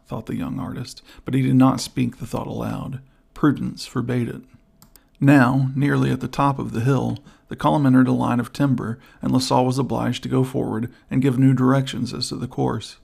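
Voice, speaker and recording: A man narrating an adventure audiobook in a steady, even reading. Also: mid-range voice, moderate pace, creaky, breathy edge. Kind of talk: scripted narration.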